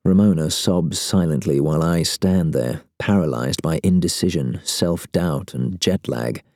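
A man reads a first-person novel with wry, sardonic timing. His voice sits very low and sounds mellow and dark. The recording is close and dry. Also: measured pace, no echo. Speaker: audiobook narrator. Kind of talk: first-person audiobook narration.

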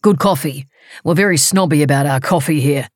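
A woman voicing a brash male talk show host with a New Zealand accent, talking loudly and eagerly. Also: on the high side, fairly quick, dry recording, studio quality, natural voice. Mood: chatty. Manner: loud, eager to please.

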